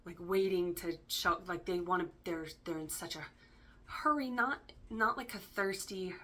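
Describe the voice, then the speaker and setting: Speaking a little slowly, a woman with a lowish, bright and forceful voice reads tarot in a relaxed, talkative style. Fillers and casual profanity run through her reading, and she often checks in by asking "right?"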